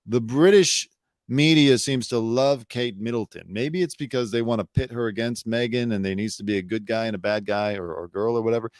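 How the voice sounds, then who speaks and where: A man's voice: medium pitch, a little fast, dry recording, clean studio sound. A man hosting his own live show, giving blunt, sarcastic commentary with casual swearing. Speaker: host.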